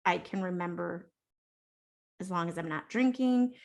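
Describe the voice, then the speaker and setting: A woman co-hosting a casual movie review podcast, laughing often and acting out characters in quick funny voices. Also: on the low side, gravelly, highs cut off. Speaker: podcast co-host.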